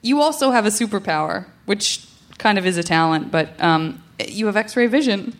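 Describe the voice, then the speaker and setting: A woman's voice: medium pitch, animated, normal speed, a little hiss or hum. A woman hosting a live podcast, playful and teasing, laughing between lines. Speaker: podcast host. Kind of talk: casual chat on stage. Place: live podcast stage before an audience.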